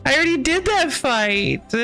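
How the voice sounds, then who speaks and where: A woman's voice: sits high, lively intonation, unhurried, pushed and bright, faint music behind. A woman streamer chatting casually while playing, ranting with frequent laughs and sighs. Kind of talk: casual game stream chat.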